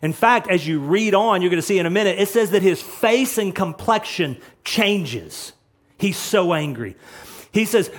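A man preaching a sermon as a pastor, emphatic, swinging between loud passages and quiet ones. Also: high-pitched, moderate pace.

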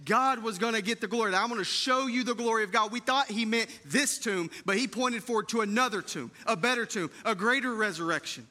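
Fervent high-voiced preacher. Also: male voice, brisk, hardly any pauses. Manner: swings from hushed tender lines to loud, fervent preaching; repeats phrases with emphasis, addresses the congregation as church. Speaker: pastor. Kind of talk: Easter sermon. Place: church sanctuary.

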